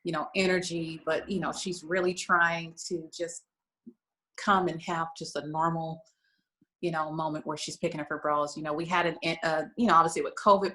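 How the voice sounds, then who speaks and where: A woman's voice: lowish voice, bright, forceful tone, low-quality recording. A woman guest on a talk show, sharing an emotional story in an earnest, conversational way, with frequent "you know" fillers. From United States. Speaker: guest, lingerie shop owner.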